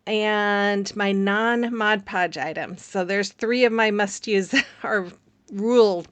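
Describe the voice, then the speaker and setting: A friendly-sounding woman talks through a home craft project in a loose, meandering way, dotting her sentences with ums and little laughs. Her voice sits at an everyday middle pitch. The recording is close and dry, with no room sound. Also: steady tone, slow pace, dry recording. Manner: chatty, rambling, laughs often, many fillers. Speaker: craft channel host. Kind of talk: casual craft tutorial voice-over.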